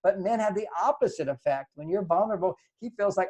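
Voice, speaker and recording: A man's voice: sits high, lively intonation, fast talker, a little mellow, husky. An older man giving relationship advice in an earnest, lecturing way, acting out the lines he quotes. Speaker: relationship author and guest. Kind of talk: advice talk.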